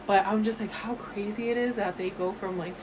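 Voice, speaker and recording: A woman's voice: mid-range voice, fairly even intonation, fairly quick, background noise. A woman co-hosting a podcast, chatting casually and rambling through a personal story with lots of "like". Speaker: podcast co-host. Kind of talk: casual chat.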